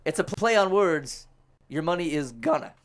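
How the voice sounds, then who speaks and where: A man's voice: fairly high pitch, animated. A man hosting a podcast in a small studio, joking through a quiz game in casual chat. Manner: fast, joking, laughs often. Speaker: podcast host.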